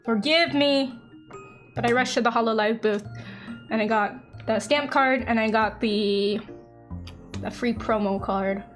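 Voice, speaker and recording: A young woman streaming and chatting casually as a VTuber, excitable, laughing often and acting out quoted conversations. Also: on the high side, a little slow, long pauses, faint music behind.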